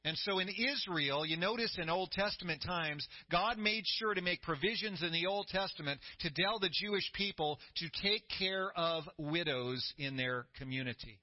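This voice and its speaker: A middle-aged man preaching a sermon as pastor, telling the story with growing excitement and a voice that climbs high. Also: moderate pace, hardly any pauses, no echo. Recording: dry, slightly dull sound.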